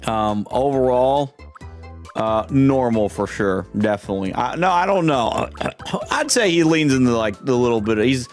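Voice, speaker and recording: A man's voice: mid-range voice, lively intonation, moderate pace, faint music behind. A young man streaming a game, rambling and amused in casual commentary.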